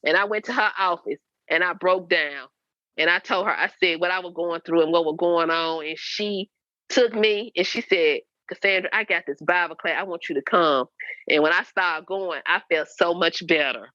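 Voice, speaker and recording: Earnest woman in her fifties, bright tone. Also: on the low side, moderate pace, no echo. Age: 50s. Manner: earnest, repetitive, preachy testimony. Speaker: guest, host's mother. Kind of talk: candid personal storytelling. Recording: dry, slightly dull lo-fi sound.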